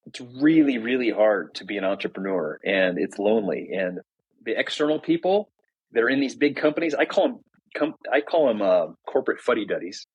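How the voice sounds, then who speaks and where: Middle-aged man, husky voice, low-pitched, candid conversational podcast guest. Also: brisk, dull audio. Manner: candid, animated explainer. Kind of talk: conversational storytelling.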